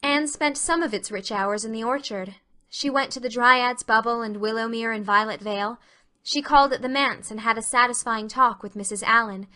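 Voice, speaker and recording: A woman reading classic fiction aloud as narrator, her voice bright and ringing and pitched a little high. Her storytelling is expressive and carefully paced. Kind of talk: scripted narration of a classic novel.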